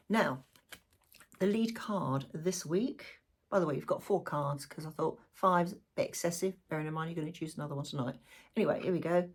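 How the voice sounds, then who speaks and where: A middle-aged woman gives a chatty tarot reading to viewers. She talks warmly with asides, and her voice is croaky. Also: on the low side, brisk. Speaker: tarot reader.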